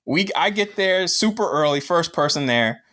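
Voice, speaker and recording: A man's voice: fairly high pitch, normal speed. A man co-hosting a podcast, telling a rambling, profane story in casual chat. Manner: profane, rambling, animated retelling. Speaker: podcast co-host.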